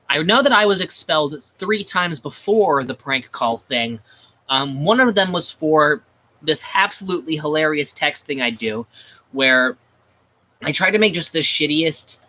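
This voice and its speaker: A man's voice: a little high, pushed and bright. A man chatting casually on a livestream, rambling with many restarts, crude and self-mocking. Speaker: livestream host.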